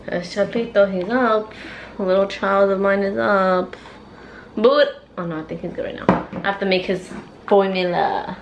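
A mom vlogging at home with her kids, playful and teasing as she goes. She drops Spanish words into her English as she talks, at an ordinary middle pitch. The recording picks up plenty of household noise behind her. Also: fairly even intonation, normal speed, dull audio. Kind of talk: casual family vlog. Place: messy family home.

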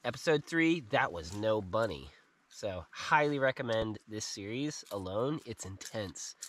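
A man's voice: fairly low pitch, expressive, unhurried, fairly bright tone, slight background noise. A middle-aged man hosting a casual outdoor adventure vlog, upbeat and chatty, talking to viewers on a camping trip and mountain trail. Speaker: vlog host.

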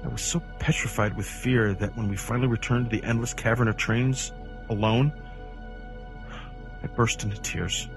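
A man reading a horror story aloud in an intense, dramatic way that swings from hushed to near-shouting. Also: medium pitch, fairly even intonation, moderate pace, creaky, music in the background. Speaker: creepypasta narrator.

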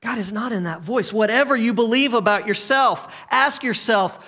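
Guy preaching a sermon, high voice, goes from punchy to real quiet. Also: moderate pace, hardly any pauses. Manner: swings from emphatic to hushed, repeated rhetorical questions. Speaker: pastor.

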